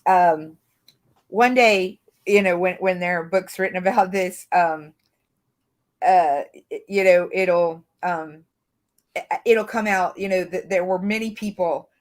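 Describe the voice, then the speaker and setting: A woman who works as a defense attorney, talking casually on a podcast, hesitant, with many fillers and restarts. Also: fairly low pitch.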